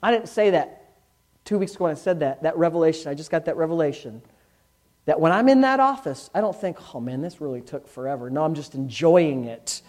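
The pastor's voice is on the high side, expressive and brisk, as he preaches to his church. He stays candid and conversational, moving from booming moments to hushed remarks.

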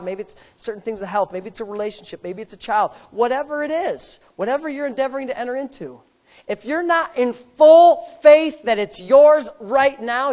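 A woman preaching a sermon with a fairly high voice. She talks emphatically, repeating her lines and building to forceful peaks.

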